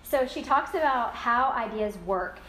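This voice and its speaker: A woman with a fairly high voice talks through a book with a group in a casual, chatty way. She is animated and often acts out little quoted voices. The sound is roomy and echoey, with faint ambience behind her. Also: measured pace, a little hiss or hum. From United States. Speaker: book discussion leader.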